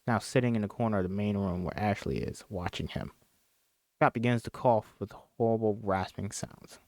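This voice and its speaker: A man's voice: fairly low pitch, normal speed, a little mellow, dry recording. Brief: casual male script reader, chatty and jokey, close dry mic. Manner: chatty, laughs, jokes and apologizes between lines. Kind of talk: casual script reading with commentary.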